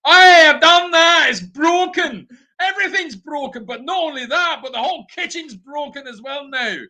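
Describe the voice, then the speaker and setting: A man voicing an exasperated Scottish woman who shouts and swears about broken things in a high, frantic voice. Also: normal speed, heavily acted.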